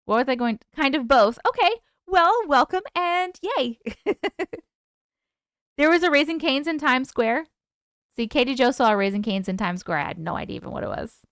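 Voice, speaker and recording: A woman's voice: fairly high pitch, lively intonation, quick pace, no echo, studio quality. A woman from the UK hosting a live stream at home, chatting casually and answering viewer comments as they come in. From United Kingdom.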